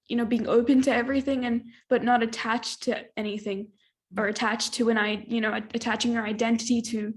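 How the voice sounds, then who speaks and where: Woman guest on a podcast, thoughtful, lots of ums, voice kinda high. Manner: reflective, thoughtful, many fillers. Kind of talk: casual conversation.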